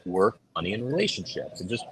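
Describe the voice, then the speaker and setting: A middle-aged man chatting casually as a podcast co-host, telling stories and acting out quoted voices with big jumps in pitch. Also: big pitch swings, fast talker, a little hiss or hum, rough recording. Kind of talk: casual chat.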